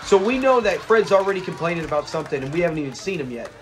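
High-voiced man eagerly breaking down an episode. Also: big pitch swings. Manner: eager, rambling, retells scenes with quick quoted lines. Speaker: host of a classic sitcom review channel.

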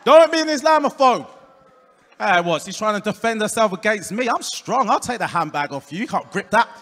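A man with an Essex accent doing a stand-up comedy set, delivering deadpan punchlines and working the crowd. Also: sits high, a little fast. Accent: Essex English. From England. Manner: deadpan punchlines, crowd work, puts on voices for quoted people. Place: comedy club stage before a live audience. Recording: live club room with long reverb.

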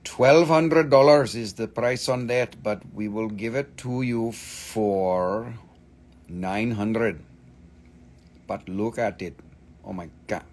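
Excitable, profane crystal seller. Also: male voice, on the low side, takes it slowly, a little hiss or hum. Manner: excitable, profane sales patter. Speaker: host selling crystals. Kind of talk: live sales stream.

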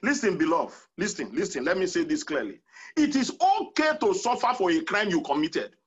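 A man's voice: high voice, sing-song, fairly quick, husky, highs cut off. A man preaching a sermon as pastor, emphatic and counting off numbered points.

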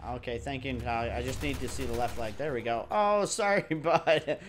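A man's voice: mid-range voice, a little fast, slight background noise. A man doing casual gameplay commentary, joking, swearing and laughing at the game as he plays. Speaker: let's play commentator.

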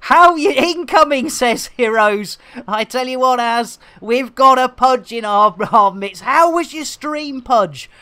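A man's voice: very high voice, takes it slowly, few pauses, bright, forceful tone, smooth. A man giving live, joke-filled commentary while streaming a game, full of puns and cheeky wordplay.

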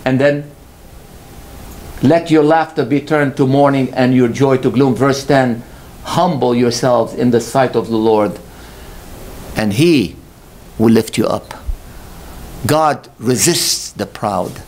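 A male pastor delivering a sermon, questioning his congregation and rising to slow, emphatic peaks. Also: darkish tone. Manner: impassioned, swells to high emphatic peaks, slow drawn-out stresses; calls out rhetorical questions to the congregation.

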